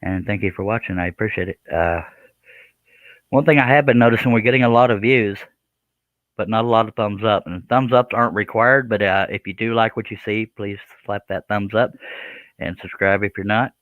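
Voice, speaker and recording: Man, lowish voice, joking rambling host, tinny phone-like sound. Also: brisk, dry recording. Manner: joking, rambling, self-deprecating. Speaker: live stream host, scroll saw artist. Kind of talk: casual live-stream chat.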